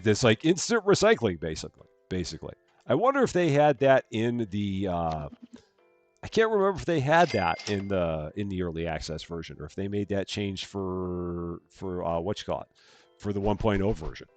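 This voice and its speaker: Lively low-voiced man streaming a game. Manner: chatty, talks through his moves and thanks viewers. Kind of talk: live gameplay commentary.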